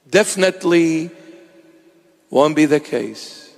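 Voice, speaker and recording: A man's voice: fairly high pitch, expressive, unhurried, long pauses, big-room sound. A man preaching a sermon to his congregation in an emphatic, rhetorical style, repeating key phrases.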